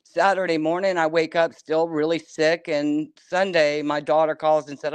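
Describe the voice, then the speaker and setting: A middle-aged woman phoning in to a show, speaking candidly and with feeling. Her voice is smooth and clear. The sound is dry and close. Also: low voice, little pitch movement, normal speed, dry recording. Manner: candid and emotional, openly personal. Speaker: caller. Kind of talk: casual call-in chat.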